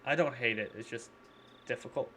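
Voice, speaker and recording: A man's voice: mid-range voice, big pitch swings, a little slow, a bit bright, a little hiss or hum. A man streaming live, chatting loosely with viewers in slangy talk and laughing often. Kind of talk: casual live-stream chat.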